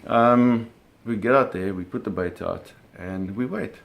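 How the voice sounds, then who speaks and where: A middle-aged man with a slightly low voice tells a story in a casual, spoken way. He is animated, and he punctuates it with sound effects and acted-out quotes. Pace and energy surge and drop as he talks. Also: measured pace, gravelly. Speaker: storyteller recounting a fishing trip.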